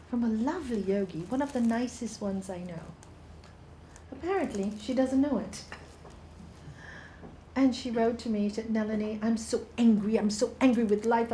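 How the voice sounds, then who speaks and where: A woman giving an informal inspirational talk at a yoga studio, soft and unhurried, dropping to a hush in the meditation parts. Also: fairly high pitch, reverberant, slight background noise, rough recording. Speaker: spiritual speaker.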